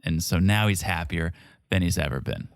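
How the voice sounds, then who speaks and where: A man's voice: low voice, normal speed, dry recording, clean studio sound. A man co-hosting a podcast, recapping a reality show in casual, chatty talk and laughing often. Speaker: podcast co-host.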